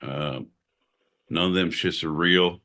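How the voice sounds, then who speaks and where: A man's voice: sits low, fairly even intonation, takes it slowly, bright, forceful tone, exaggerated voice. A man doing a put-on Alabama accent as a folksy, dim good ol' boy.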